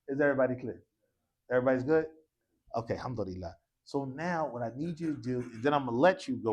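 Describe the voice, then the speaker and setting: A man teaching an Arabic grammar class in a mosque, leading his students through drills and slipping into slangy asides. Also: mid-range voice. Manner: animated, calls for repetition, slangy asides.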